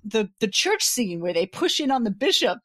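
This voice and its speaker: A woman in a casual podcast discussion, talking enthusiastically and laughing easily, with halting restarts. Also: fairly high pitch, very animated, fairly bright tone, dry recording, clean studio sound. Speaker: podcast guest.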